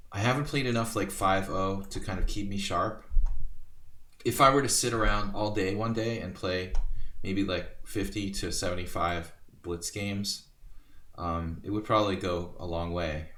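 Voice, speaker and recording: A man from Hungary chats casually through a live blitz chess stream, rambling to viewers between moves. He pokes fun at himself as he goes. His voice sits low, and the sound comes from a distant mic with a roomy echo. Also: bright, forceful tone. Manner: chatty, self-deprecating, rambling asides to chat.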